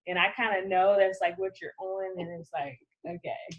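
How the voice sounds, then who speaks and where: A woman co-hosting a podcast in casual chat, playful and quick to giggle. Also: medium pitch, level tone, lo-fi sound, a crowd in the background. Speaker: podcast co-host.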